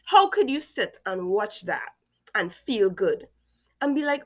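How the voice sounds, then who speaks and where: A woman's voice: a little high, sing-song, a little slow, a bit bright. A woman with a Caribbean accent, commenting on a story as a reaction video host, with incredulous rhetorical questions. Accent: Caribbean English.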